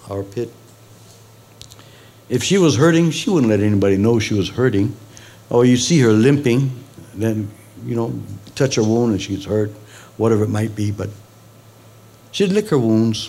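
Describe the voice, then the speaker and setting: A male pastor preaching a sermon, with sudden high emphatic peaks and conversational asides to the congregation. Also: darkish tone.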